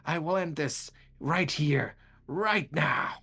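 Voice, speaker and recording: A man's voice: on the high side, slow pace, bright, forceful tone, breathy edge, pitched above the performer's own voice, exaggerated voice. A man voicing a vengeful, furious female ghost in a tabletop game, shrieking accusations. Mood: enraged. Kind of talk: tabletop game role-play.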